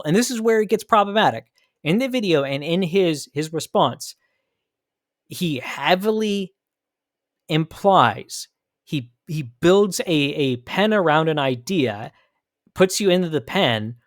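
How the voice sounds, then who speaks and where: A man's voice: on the high side, lively intonation, slow pace, no echo, studio quality. An American man hosting a commentary podcast, arguing his points emphatically and thinking aloud with frequent restarts. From United States. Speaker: podcast host.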